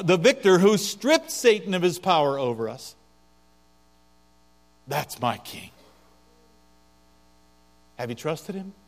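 Preacher man in an echoing hall. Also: high voice. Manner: preaching with swings from soft to loud. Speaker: pastor. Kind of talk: sermon. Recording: long hall reverb with mains hum.

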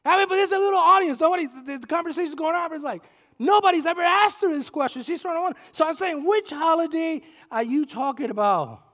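A man from preaching a sermon in a church, telling a story that swings from soft asides to shouted climaxes. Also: extremely high pitch, quick pace. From Puerto Rico. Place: church sanctuary. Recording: long hall reverb.

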